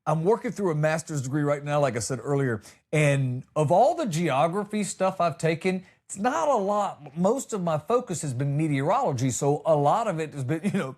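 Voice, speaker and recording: A man's voice: fairly high pitch, darkish tone. An American man hosting a comedy podcast, telling stories in a loose, rambling way with jokey asides. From United States.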